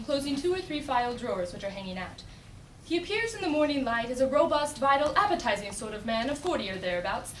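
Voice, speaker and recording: Woman reciting stage directions, high and lively. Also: a little hiss or hum. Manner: clear, measured narration of stage directions. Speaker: student competitor. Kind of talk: recitation in a speech competition. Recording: echoey room from a distance.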